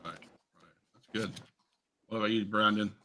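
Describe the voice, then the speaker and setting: A man's voice: fairly low pitch, flat delivery, normal speed, pushed and bright. A man hosting a podcast interview, joking with his guests and asking them laid-back questions. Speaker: podcast host. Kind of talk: casual interview chat.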